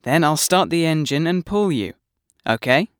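A man reading the lines of an ordinary adult man in scripted exam dialogues, with clear, careful delivery. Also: on the high side, animated, moderate pace, no echo, studio quality, close to an everyday voice. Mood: plain. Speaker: dialogue actor in a listening exam.

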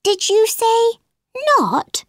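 A bright, sweet-voiced little girl from a storybook, polite and eager to help, as a woman reader puts her on. Her voice sits high and swoops up and down, every word spoken very slowly and clearly. It sounds close and dry, with no room around it. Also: very animated, no echo, heavily acted. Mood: earnest. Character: polite curious young girl Alice.

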